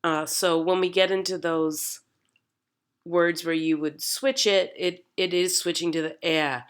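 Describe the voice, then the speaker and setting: A woman's voice: on the low side, steady tone, unhurried, clear, resonant tone. A Canadian woman coaching actors in an accent, explaining and demonstrating sounds to camera with frequent ums. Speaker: dialect coach.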